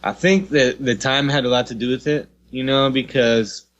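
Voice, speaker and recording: A man's voice: mid-range voice, steady tone, normal speed, a bit bright, muffled recording. A man co-hosting a podcast in casual chat, rambling and peppering his talk with "you know what I mean" and swearing. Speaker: podcast co-host.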